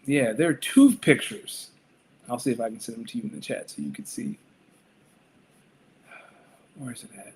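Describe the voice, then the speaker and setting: A man's voice: medium pitch, expressive, normal speed, long pauses, a little mellow, slight background noise. A man co-hosting a casual sports podcast, talking with wry, dry commentary. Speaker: podcast co-host. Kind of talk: casual chat.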